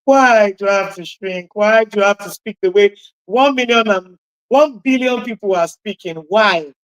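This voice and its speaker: A woman with a husky voice hosting a radio talk show, giving an impassioned motivational talk and repeating key phrases for emphasis. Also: medium pitch, normal speed, dry recording, poor audio.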